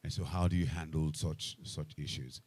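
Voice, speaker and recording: A man moderating a live panel, emphatic and repetitive, growing loud and animated, speaking into a microphone. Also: extremely low pitch, normal speed. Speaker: event moderator. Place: event hall with a microphone. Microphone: handheld event microphone.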